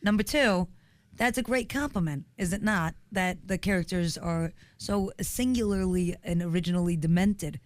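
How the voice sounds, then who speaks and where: Wisecracking actress chewing gum on mic. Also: female voice, on the low side, moderate pace, dry recording. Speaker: actress and guest. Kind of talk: casual interview chat. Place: radio studio. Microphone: studio microphone.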